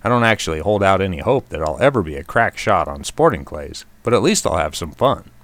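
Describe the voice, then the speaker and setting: A man's voice: deep voice, sing-song, a little fast, a bit bright, no echo. A man hosting a short outdoors radio segment, reading a scripted commentary in a wry, self-deprecating way.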